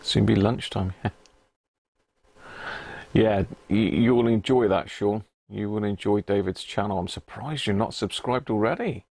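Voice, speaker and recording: A man's voice: fairly low pitch, measured pace, creaky, a little mellow, no room sound. A middle-aged man hosts a casual live stream from his home workshop, chatting, greeting viewers by name and chuckling often. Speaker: livestream host.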